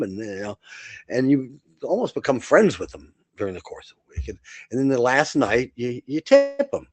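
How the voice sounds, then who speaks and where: Older male comic host, animated storyteller who stumbles and repeats words, lively intonation. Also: mid-range voice, fairly quick, husky, no room sound. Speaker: podcast host, comedian. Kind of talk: casual storytelling.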